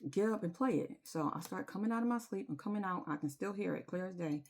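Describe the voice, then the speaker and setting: A woman's voice: medium pitch, fast, darkish tone. A woman, telling her viewers a personal story in a confiding, emotional way and singing bits of a chorus. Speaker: spiritual vlogger.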